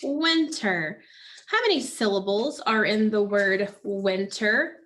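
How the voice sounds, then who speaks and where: A woman teaching a phonics lesson, prompting children patiently and pausing for their answers. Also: medium pitch, fairly bright tone.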